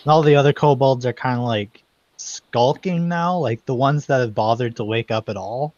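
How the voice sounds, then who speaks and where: A man's voice: medium pitch, normal speed, a little mellow, no room sound. A man narrating as game master in a tabletop game, loose and full of fillers, on slightly muffled call audio. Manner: loose, hesitant, many fillers.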